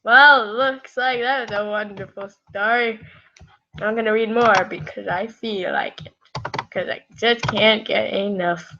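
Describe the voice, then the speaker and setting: A woman's voice: medium pitch, measured pace, bright, forceful tone, lo-fi sound, a little hiss or hum. A woman casually reading fan fiction aloud, rambling and correcting herself with chatty asides.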